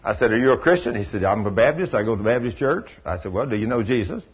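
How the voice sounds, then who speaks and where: A man's voice: mid-range voice, very animated, fast, slightly rough. A man preaching a sermon, telling stories and acting out the people in them in a folksy way. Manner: folksy storytelling preacher, acts out dialogue. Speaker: pastor. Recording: dull lo-fi recording with faint hiss.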